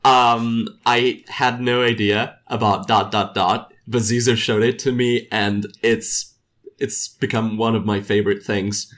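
A man's voice: lowish voice, little pitch movement, unhurried, a bit bright. Hesitant male game developer. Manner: hesitant, many fillers and restarts. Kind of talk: casual chat.

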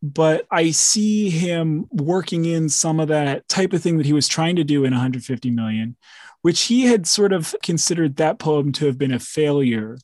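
A man's voice: fairly high pitch, lively intonation, normal speed, darkish tone, no room sound, studio quality. A man hosting a podcast as a professor, explaining ideas in an enthusiastic, rambling, casual academic way.

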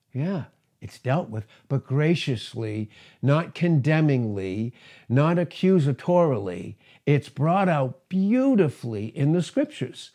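A man's voice: medium pitch, warm tone, husky. A man preaching a sermon, emphatic, who repeats words for stress and asks rhetorical questions. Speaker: pastor.

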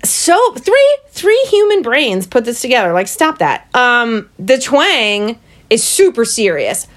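Young woman podcast co-host, higher voice, animated, jokey, casual. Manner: playful, joking, quick asides. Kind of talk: casual chat.

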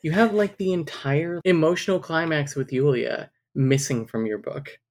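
A woman co-hosting a casual book podcast, swearing freely and excitable while summarizing and reading from a novel. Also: low-pitched, normal speed. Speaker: podcast co-host.

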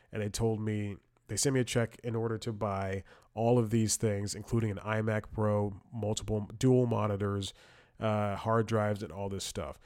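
Rambling low-voiced man, dry close mic. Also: a little mellow, clean tone, no room sound. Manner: rambling, self-interrupting, laughs at his own story. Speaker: podcast host. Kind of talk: casual comedic monologue.

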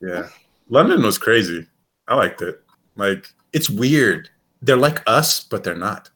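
A man from the United States chats casually as co-host, rambling and animated, with plenty of swearing and laughter. His voice sits a bit low. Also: measured pace. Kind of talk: casual chat.

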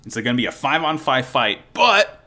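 A man casually recapping a show episode with a podcast co-host, excited and swearing freely. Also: mid-range voice. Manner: excited, swears a lot, quick restarts.

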